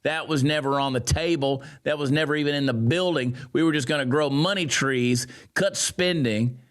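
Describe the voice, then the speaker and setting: A man giving sarcastic, mocking political commentary, swinging from loud jeers down to low grumbles. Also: normal speed. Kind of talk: ranting commentary.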